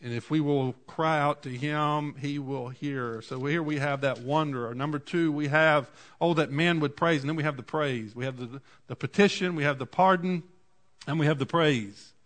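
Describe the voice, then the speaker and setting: A man, preaching a sermon in a folksy storytelling way, moving from quiet asides to loud cries. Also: fairly high pitch, normal speed. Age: 40s. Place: church.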